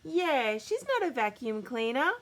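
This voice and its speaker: An Australian woman voicing a playful younger girl puppy in a high, giggly voice. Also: animated, takes it slowly, a bit bright, exaggerated voice.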